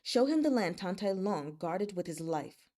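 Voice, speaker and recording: A woman's voice: medium pitch, lively intonation, normal speed, warm tone, close to an everyday voice. Woman reading stern young male lord, cold, cutting, commanding, read-aloud novel.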